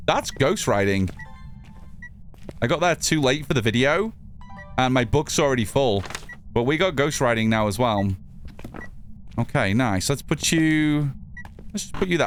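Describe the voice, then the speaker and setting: A man's voice: medium pitch, expressive, a little slow, pauses often, faint music behind. Chatty northern English man streaming. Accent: mixed northern English. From northern England. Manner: chatty, reads chat aloud, swears casually. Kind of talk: casual gameplay commentary.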